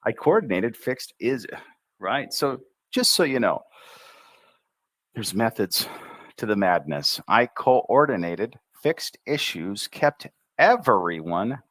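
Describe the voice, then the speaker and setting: An American man teaching English pronunciation on a livestream, drawing out syllables slowly and thinking aloud as he writes. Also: lowish voice, sing-song, fairly bright tone, no room sound. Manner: slow, drawn-out enunciation of syllables; chatty, thinks aloud while writing. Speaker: English tutor.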